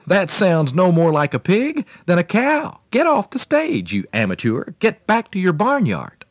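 A man voicing an angry crowd that jeers at a performer in a raised, shouting voice. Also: sits high, huge pitch swings, measured pace, no room sound, voice pushed up, full character voice. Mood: jeering. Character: jeering angry crowd at a show.

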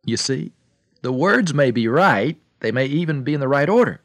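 A man giving a radio devotional talk as a preacher, telling stories dramatically and swinging between loud and soft delivery. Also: mid-range voice, very animated, normal speed, no room sound, clean studio sound.

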